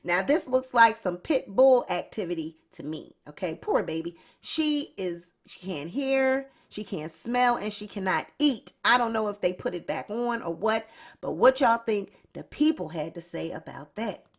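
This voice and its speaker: Woman, gossip host, unhurried delivery, animated and giggly. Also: medium pitch, breathy edge. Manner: animated, breaks into uncontrollable laughter. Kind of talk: casual commentary reading news.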